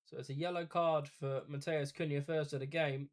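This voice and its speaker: A man talking through a football match as it happens, calling each pass and foul in a relaxed, conversational way. He mixes play-by-play with casual asides to his viewers, as on a live watch-party stream. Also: on the high side, normal speed. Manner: chatty play-by-play with asides to chat.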